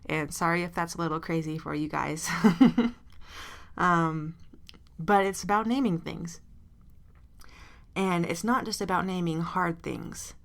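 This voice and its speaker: A woman's voice: lowish voice, steady tone, a little slow, pauses often, fairly bright tone. A woman hosting a podcast alone, chatting casually and self-deprecatingly with lots of side notes. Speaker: podcast host. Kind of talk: casual solo podcast monologue.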